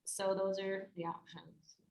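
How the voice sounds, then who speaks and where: A woman's voice: mid-range voice, level tone, a little slow, a little mellow. A woman leading a live workshop, talking conversationally and acting out the voices she quotes. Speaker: workshop presenter. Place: workshop room at a yoga studio. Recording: roomy echo.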